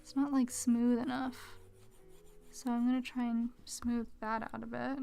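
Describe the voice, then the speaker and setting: A woman streaming her drawing, chatting casually with viewers and muttering quietly to herself as she works at a mic with a pop filter. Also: on the high side, flat delivery, unhurried, gravelly, clean tone, faint music behind. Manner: chatty, reads chat aloud, mutters quietly to herself while working. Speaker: art streamer. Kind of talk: casual live-stream chat while drawing. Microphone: desk mic with pop filter.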